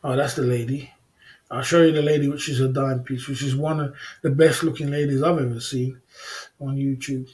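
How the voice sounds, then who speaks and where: A man hosting a casual livestream chat, relaxed and slangy, who chuckles often and repeats himself. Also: medium pitch, moderate pace. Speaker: livestream host.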